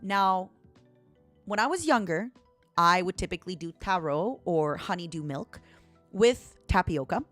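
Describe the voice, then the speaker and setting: Woman streamer chatting, super expressive pitch, dramatic storytelling, faint music behind. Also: unhurried. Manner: dramatic, animated storytelling with laughter. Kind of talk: casual chat.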